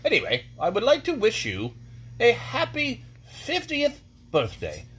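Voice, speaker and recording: A man's voice: huge pitch swings, measured pace, fairly bright tone, a little hiss or hum, exaggerated voice. A man putting on a pompous, mustached British lord with a hammy, lurching delivery in a comic birthday video. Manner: hammy, lurching between shrill and low.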